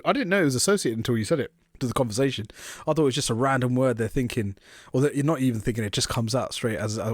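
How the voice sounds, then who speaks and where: A man's voice: medium pitch, dry recording, clean studio sound. A man co-hosting a podcast, chatting casually and laughing through his stories. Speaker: podcast co-host. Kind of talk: casual chat.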